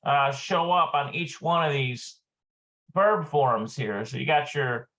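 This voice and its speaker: Slow, halting man teaching a lesson. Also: mid-range voice, fairly bright tone. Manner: slow and halting, many filler sounds. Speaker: Hebrew teacher. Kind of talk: live online language lesson.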